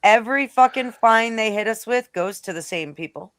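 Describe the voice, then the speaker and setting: A woman's voice: a little high, expressive, normal speed, a bit bright, no echo, studio quality. A woman speaking bluntly and swearing freely as a panelist in a casual political chat. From Rhode Island.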